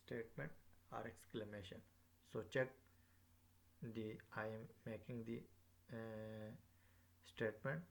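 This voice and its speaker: A man gives a recorded lecture, explaining haltingly with lots of fillers and repeated phrases. His voice is medium-pitched and creaky.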